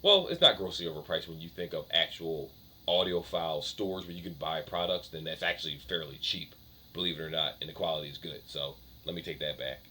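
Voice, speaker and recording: Low, bright-toned man, casual tech vlogger, chatty and self-correcting, faint room noise. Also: fairly quick. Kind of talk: casual rambling vlog.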